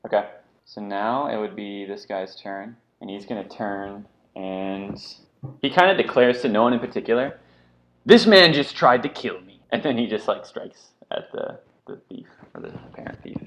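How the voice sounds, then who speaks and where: A man's voice: lowish voice, steady tone, normal speed, low-quality recording. A man narrating as game master, telling the action loosely with many fillers and asides.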